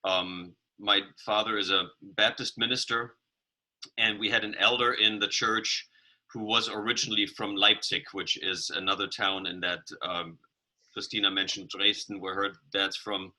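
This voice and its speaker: A man's voice: fairly low pitch, steady tone, moderate pace, bright, forceful tone, poor audio. A man on a video call sharing reflections and a story in a casual online meeting, often restarting his sentences. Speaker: meeting participant.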